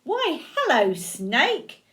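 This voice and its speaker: A woman's voice: high voice, wildly swooping pitch, drawn-out words, sharp tone, pitched above the performer's own voice, exaggerated voice. An older woman voicing a small, clever, boastful mouse in a storybook reading. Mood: cheeky.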